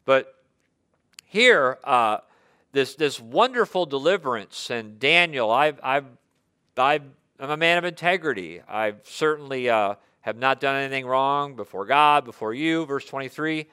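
Bright, clear-voiced male preacher. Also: mid-range voice, animated, unhurried. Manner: reads scripture aloud, acts out quoted voices, repeats words. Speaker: pastor. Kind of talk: sermon.

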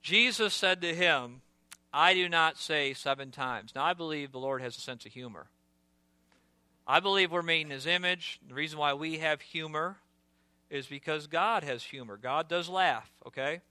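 Male pastor preaching a sermon: bright, smooth, slightly higher voice, earnest delivery. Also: normal speed, no echo. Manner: earnest preaching, drops to a hushed voice for storytelling asides.

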